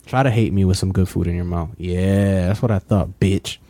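A man's voice: low voice, fairly even intonation, normal speed, gravelly, dark tone. A man co-hosting a podcast in casual chat, slangy and profane, laughing often as he talks. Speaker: podcast co-host.

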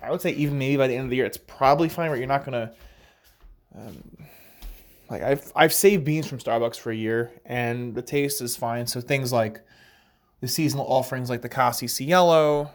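A man who works as a barista talks in a casual monologue, wandering from point to point. His voice sits at an average pitch for a man. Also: normal speed. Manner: rambling, digressive.

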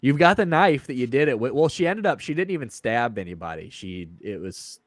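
In a loose podcast chat, a male co-host rambles, swears, and acts out the characters of the story he's retelling. His mid-range voice is sing-song and brisk, recorded at studio quality with no room sound.

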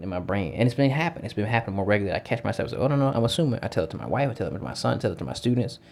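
A man who works as a teacher, talking through his thoughts in a casual, reflective monologue outdoors, repeating words and swearing now and then. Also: on the low side. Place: outdoors with feet in water.

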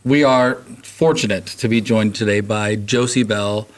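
A man's voice: fairly low pitch, a little slow. Upbeat male choir teacher hosting. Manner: upbeat, laughs often, filler-heavy. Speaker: choir teacher and podcast host. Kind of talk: casual podcast chat. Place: school choir room.

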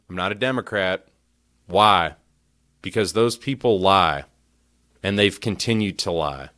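A man's voice: lowish voice, fairly bright tone. A man hosting a podcast who rants heatedly and stammers and repeats himself as he gets worked up. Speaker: podcast host. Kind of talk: opinion rant.

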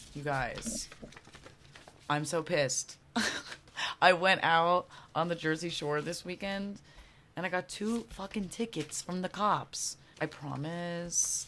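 A woman's voice: sits low, fairly bright tone. A young woman hosting a podcast, telling stories in a chatty, profane way, laughing often and acting out what people said. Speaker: podcast host. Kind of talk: casual storytelling monologue.

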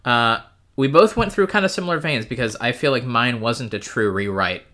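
A man's voice: mid-range voice, normal speed, sharp tone. A man co-hosting a podcast in casual chat, easygoing, laughing often and hesitating with ums. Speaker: podcast co-host.

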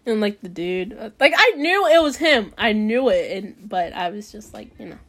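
A woman's voice: medium pitch, expressive, normal speed, a bit bright. A woman hosting a casual podcast who reads a bedtime story aloud and often rambles off topic, peppering her talk with "like.". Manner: rambling, drifts off topic, frequent "like" fillers. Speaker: podcast host.

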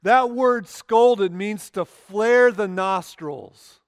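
High-voiced earnest male pastor preaching. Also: clear, resonant tone, no echo, studio quality, in a large hall. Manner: earnest preaching with slow emphatic pauses. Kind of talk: sermon. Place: church sanctuary.

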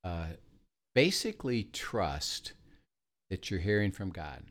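Deep-voiced man telling a faith story. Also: big pitch swings, slow, fairly bright tone. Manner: storytelling, acts out dialogue. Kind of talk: casual faith talk.

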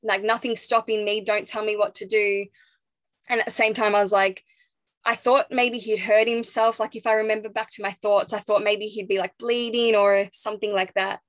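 A young pregnant woman, appearing as an interview guest, tells a personal story in a reflective, halting way, restarting sentences and laughing softly. Her pitch is medium, her tone level, and there's no echo.

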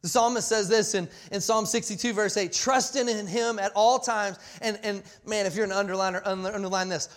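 A man in his forties preaching a sermon, passionate and full of restarts, swinging between loud emphasis and quiet asides. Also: high-pitched, steady tone, fairly quick, few pauses. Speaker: pastor.

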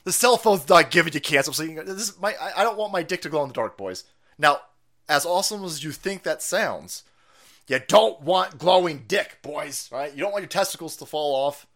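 A middle-aged man rants through his livestream, loud and foul-mouthed, wandering from point to point and quick to laugh. His voice sits high and swings wildly up and down. Underneath it is a gravelly, bright edge. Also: lively intonation. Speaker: stream host. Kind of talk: profane ranting livestream monologue.

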